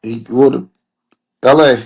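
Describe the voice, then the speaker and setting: A man co-hosting a casual livestream, his voice hoarse, talking in an easygoing, slangy way with short affirmations. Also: medium pitch, fairly even intonation, measured pace. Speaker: co-host and coach.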